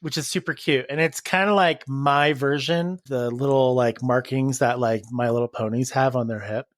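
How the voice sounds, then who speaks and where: A man's voice: mid-range voice, fairly even intonation, moderate pace, dry recording, clean studio sound. A man talking as a podcast guest in casual chat, laughing often as he tells stories. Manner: giggly, chatty, storytelling. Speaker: interview guest.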